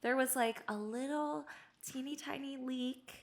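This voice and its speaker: A young adult woman who is a podcast guest, telling stories casually. She talks in an animated way, laughs often and says "like" a lot. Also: high-pitched, a little slow. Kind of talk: casual storytelling.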